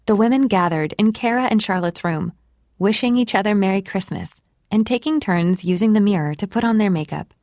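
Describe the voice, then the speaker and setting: Gentle female audiobook narrator, mid-pitched, dry studio sound. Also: brisk, no room sound. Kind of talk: scripted narration.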